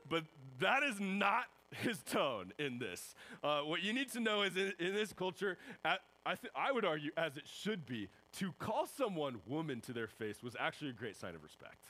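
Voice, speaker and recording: A young man, a high school pastor, giving a casual youth sermon and acting out little voices in the quotes. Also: sing-song, moderate pace, few pauses, fairly bright tone, low-quality recording.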